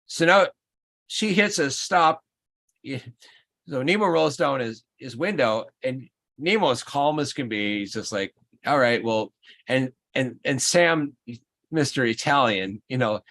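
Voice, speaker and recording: Male stream host, average pitch; lively, rambling anecdote-teller. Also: unhurried. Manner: animated storyteller, rambling restarts. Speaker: livestream host. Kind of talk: casual chat.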